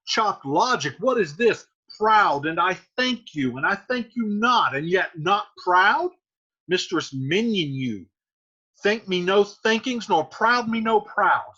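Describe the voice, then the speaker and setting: Raging controlling father, read by a man, deeper than usual, lively swings in pitch. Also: measured pace, slightly rough, exaggerated voice. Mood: angry. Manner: reads lines then paraphrases them. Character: furious domineering middle-aged father. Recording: dull lo-fi recording.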